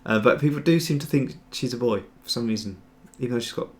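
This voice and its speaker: A man who sculpts in 3D hosts a casual livestream tutorial, answering viewer chat as he works. He's rambling and chatty, trailing off and restarting, with a medium-pitched, darkish voice and a fast delivery.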